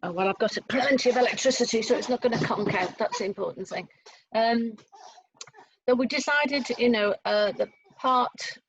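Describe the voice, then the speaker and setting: Over a video call, a female choir leader with a medium-pitched, husky voice and vocal fry teaches a rehearsal, walking through each step with lots of fillers. The audio is dull and lo-fi.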